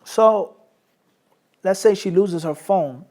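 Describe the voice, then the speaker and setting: Animated male hadith teacher, Arabic terms. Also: high voice, slow. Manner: explains with everyday examples and keeps checking in with the class; mixes Arabic terms into English. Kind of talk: Islamic studies lecture.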